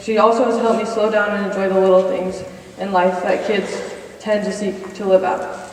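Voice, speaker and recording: A woman's voice: mid-range voice, a little mellow, a little hiss or hum. A woman in her twenties giving a personal testimony in chapel, earnestly reading from notes and cueing slides. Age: 20s. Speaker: college senior speaker. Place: chapel hall. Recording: echoey hall from far off.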